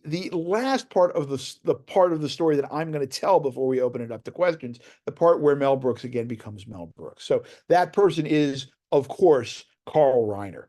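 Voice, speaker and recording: A man giving an academic lecture in a conversational, storytelling way, full of fillers and asides asking "right?". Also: a little high. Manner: animated storytelling with many fillers and "right?" tags. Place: lecture hall.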